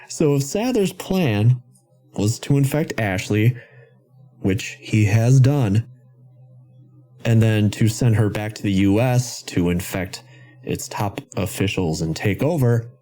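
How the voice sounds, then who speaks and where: A man hosting a podcast about video games, ranting in an animated, sarcastic way. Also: mid-range voice, takes it slowly, long pauses, faint music behind. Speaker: podcast host. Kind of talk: casual game-commentary podcast.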